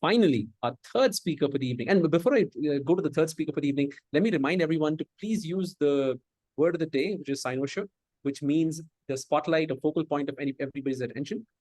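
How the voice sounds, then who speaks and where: A man's voice: a little high, a little mellow, dry recording. Indian-accented man hosting a club meeting. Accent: Indian English. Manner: halting, restarts when searching for words. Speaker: Toastmaster of the Day.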